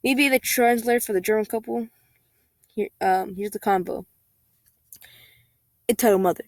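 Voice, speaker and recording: A woman's voice: mid-range voice, brisk, long pauses, no room sound. A woman reading an online story aloud in a casual, chatty way, breaking into exasperated rants full of "like". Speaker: story reader.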